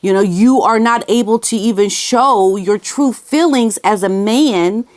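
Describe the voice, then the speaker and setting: A woman's voice: medium pitch, a little slow, darkish tone. A woman giving casual opinion commentary on her vlog, emphatic and repeating her key phrases, sometimes talking aside to someone off camera. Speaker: commentary vlogger.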